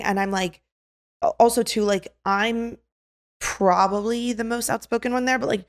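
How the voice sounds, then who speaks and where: A young woman co-hosting a podcast, telling a story in a casual chat, animated, acting out quotes, with lots of "like". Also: mid-range voice, normal speed. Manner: animated, acts out quotes, filler "like". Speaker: podcast co-host.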